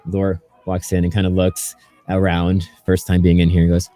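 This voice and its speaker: Mellow-voiced man narrating a tabletop game. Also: low-pitched, normal speed, dry recording, soft background music. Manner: relaxed, full of fillers. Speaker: game master.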